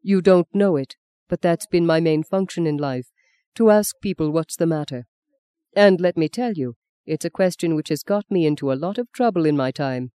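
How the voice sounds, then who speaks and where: A narrator voicing a tall, kindly, middle-aged archbishop who talks slowly and softly, with gentle wryness. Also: mid-range voice, animated, clean tone, no room sound, natural voice. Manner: slow, soft, gently wry. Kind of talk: audiobook character reading.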